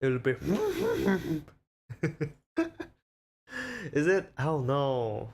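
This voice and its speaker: A man's voice: mid-range voice, very animated, takes it slowly, long pauses, a little mellow. A man streaming casually, rambling and self-conscious as he shows off the different voices he talks in. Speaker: VTuber streamer.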